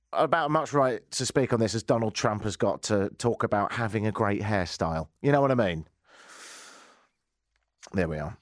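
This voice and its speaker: A man's voice: on the low side, no room sound, studio quality. A man hosting a radio show, giving casual commentary with wry, rambling jokes and asides. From England. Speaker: radio host.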